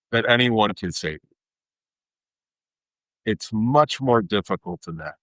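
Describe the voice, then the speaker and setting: A man's voice: fairly low pitch, fairly bright tone, no echo, low-quality recording. A man hosting a podcast, talking in an emphatic, worked-up rant. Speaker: podcast host. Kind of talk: casual chat.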